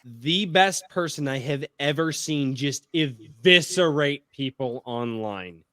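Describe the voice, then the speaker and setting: A man hosting a podcast in casual chat, telling stories in an excitable, profane way. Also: medium pitch, slow pace, dry recording. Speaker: podcast host.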